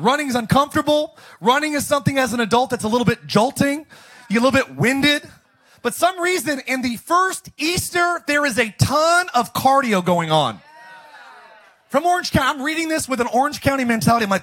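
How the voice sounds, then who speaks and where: A man preaching a jokey, energetic Easter sermon as pastor, often bursting into shouts. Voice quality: high, bright, animated preaching voice.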